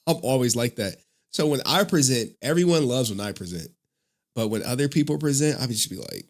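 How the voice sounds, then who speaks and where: A man's voice: mid-range voice, expressive, brisk. A man hosting a casual live stream who talks to his chat in a loose, rambling way and laughs often. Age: adult father of a young child.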